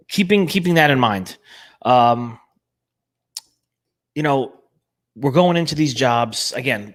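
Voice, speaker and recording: A man's voice: medium pitch, fairly bright tone. A man with a New Jersey accent hosting a casual live show, talking with energy and emphasis and often repeating words. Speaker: show host.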